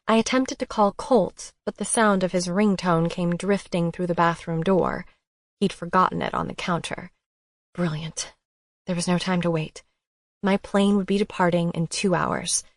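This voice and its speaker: Lower-voiced female narrator, dry sound. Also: dry recording. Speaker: audiobook narrator. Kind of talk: first-person romance narration.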